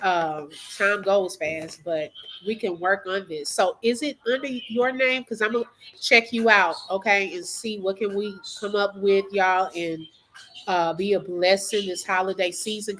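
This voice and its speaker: Middle-aged woman on a livestream, emotional, bright voice, chatting with viewers and reading comments. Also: mid-range voice, a little hiss or hum, rough recording. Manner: emotional, talks straight to viewers and reads comments. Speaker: livestream host. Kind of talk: casual livestream chat.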